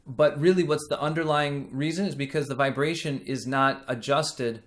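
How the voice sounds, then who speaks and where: A male singing teacher with a medium-pitched, slightly bright voice patiently explains vocal technique and demonstrates sung vowels. His delivery is slow and thoughtful.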